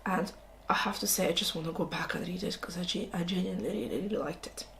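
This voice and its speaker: A woman's voice: on the low side, fast, a bit bright, slight background noise. Chatty woman reviewing books at home. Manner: enthusiastic, chatty, exclaiming. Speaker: book vlogger. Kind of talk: casual book review chat.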